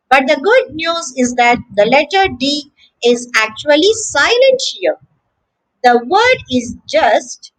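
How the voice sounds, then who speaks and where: A woman teaching English pronunciation, saying each word slowly and several times with clear syllable stress. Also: high-pitched, a bit bright, rough recording. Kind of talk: slow, careful pronunciation lesson.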